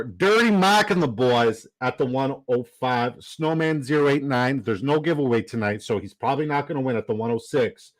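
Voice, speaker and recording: Male streamer host, chatty and rambling, average pitch, dry sound. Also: normal speed, few pauses, no room sound, poor audio. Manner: chatty and upbeat, rambling with fillers and shout-outs. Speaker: livestream host. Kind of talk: casual live-stream chat, reading viewer comments.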